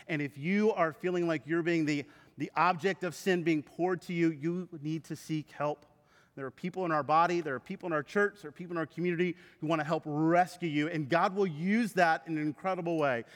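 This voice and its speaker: A man preaching a sermon to his church, with animated storytelling. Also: on the high side. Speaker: pastor. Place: church sanctuary. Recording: reverberant hall.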